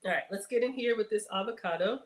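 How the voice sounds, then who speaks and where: A woman's voice: mid-range voice, fast. Lady cooking live, chatty, lots of y'all, kinda echoey room. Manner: chatty, addresses viewers as y'all; playful outbursts and sing-song bits. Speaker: livestream cooking host. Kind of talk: casual livestream chat while cooking.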